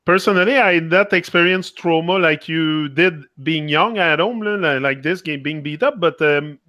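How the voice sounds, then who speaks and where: A man hosts a casual chat, his voice bright and a little high. He searches for words, restarting often, and the sound is close and dry. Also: dry recording. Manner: halting non-native phrasing, frequent fillers. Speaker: host. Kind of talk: casual conversation.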